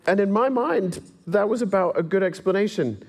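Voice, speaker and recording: Speaking at a moderate pace, this high-pitched man has lively intonation. He comes from England, carries a mixed English-American accent, and delivers a slide talk to an audience in a wry, self-mocking way, chuckling occasionally through his anecdotes.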